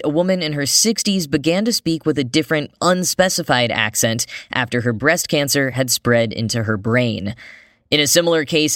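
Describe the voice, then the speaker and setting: A man's voice: mid-range voice, fairly bright tone, no echo. A man hosting a podcast, reading news stories and quoted articles in a scripted way with dry, wry asides. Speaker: podcast host.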